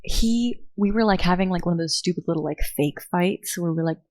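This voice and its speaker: A woman's voice: on the low side, fairly quick, darkish tone, no echo. A young woman, telling a personal story in casual podcast chat with many fillers. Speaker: podcast co-host.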